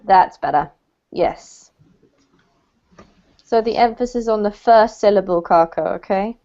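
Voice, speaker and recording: A woman's voice: medium pitch, measured pace, dark tone. A woman teacher giving patient, encouraging pronunciation feedback to a student in an online English lesson. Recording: dull lo-fi call audio.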